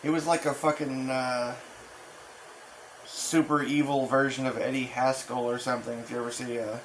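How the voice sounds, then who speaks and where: Casual male host, mid-pitched, rambling and profane, faint background hiss. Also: little pitch movement, low-quality recording. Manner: profane, halting, full of restarts and fillers. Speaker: channel host.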